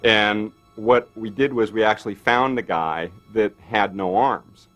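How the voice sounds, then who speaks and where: A man with a fairly low voice tells a behind-the-scenes story in an interview. He is animated and keeps slipping in fillers. Soft music runs underneath. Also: unhurried. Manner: animated storyteller, acts out quotes with many fillers. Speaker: makeup effects artist. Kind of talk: anecdotal interview.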